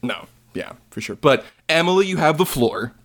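A man hosting a podcast roundtable, brisk and handing the floor to his guests. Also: fairly high pitch, expressive. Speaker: podcast host. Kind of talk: casual roundtable chat.

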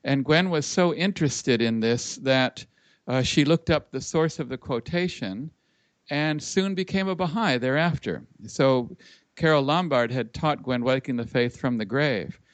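Man from LA telling his story on a video call, steady pace, dry close sound. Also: medium pitch, normal speed, no echo. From Los Angeles. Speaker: guest, musician and speaker. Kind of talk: storytelling in an interview.

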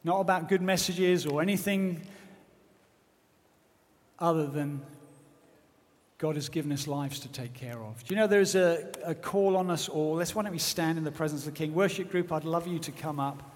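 A man's voice: a little high, moderate pace. A man preaching a sermon with fervent, earnest exhortation. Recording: long hall reverb.

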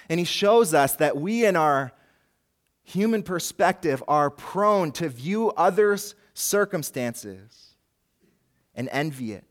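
A man's voice: high voice, animated, takes it slowly, pauses often. A man preaching a sermon as pastor, earnest and rising and falling in force, with a light joke now and then. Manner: jokes lightly with the congregation.

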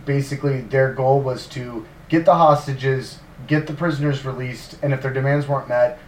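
A man's voice: medium pitch, normal speed, slight background noise. Man telling a story casually, roomy sound. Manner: animated, swearing, many fillers and sarcastic asides. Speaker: podcast co-host narrating history. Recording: roomy, distant mic.

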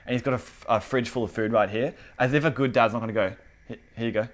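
A young man preaching a casual, conversational sermon with an animated delivery and lots of fillers. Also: medium pitch, fast talker, a little hiss or hum.

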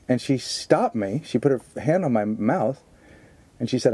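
A man's voice: medium pitch, lively intonation, normal speed, warm tone, husky, no echo. A man in his thirties co-hosting a podcast, rambling and joking in casual, profane banter, laughing easily. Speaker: podcast co-host.

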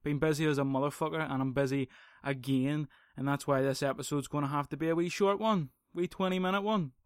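A man's voice: a little high, steady tone, a little fast, clear, resonant tone, no echo, clean studio sound. A young man hosting a casual solo podcast, swearing, rambling and sarcastic. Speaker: podcast host.

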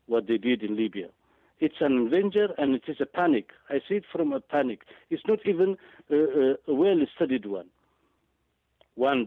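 A man speaking down a tinny, dry phone line, his pitch riding a little high and swinging widely as he presses his points. He talks with urgent emphasis, doubling back on words and filling pauses with hesitant sounds. It sounds like a guest calling in to make a case. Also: no room sound. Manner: emphatic, repeats words, frequent hesitant fillers. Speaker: guest analyst. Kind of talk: impassioned political commentary.

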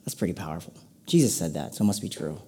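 A male pastor preaching to a congregation in a relaxed, conversational way. His voice is mellow and warm, and he slips playful asides into the sermon. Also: deep voice, quick pace, husky.

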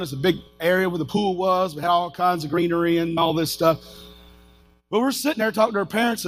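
A middle-aged man preaching as pastor, his voice high and slightly husky. He tells personal stories with animation, acting out the shouted lines he quotes, while faint music plays behind him.

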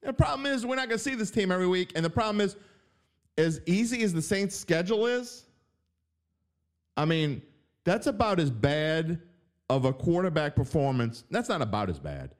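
A sports betting writer from Southeast Louisiana hosts a sports podcast in a New Orleans accent, wry and joking and often correcting himself. His voice sits high, and he talks at a moderate pace with frequent pauses.

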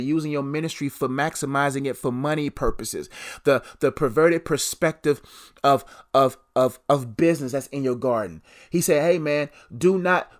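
A young adult man hosting a solo devotional podcast, preaching with repeated phrases and strong emphasis. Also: mid-range voice.

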